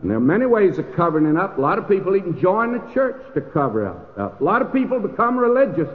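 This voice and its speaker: Older male pastor, higher-pitched, folksy sermon building to loud peaks; thin phone-like old tape in a long-echo hall. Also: sing-song, quick pace. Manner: folksy preaching with rising emphatic peaks. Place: church sanctuary.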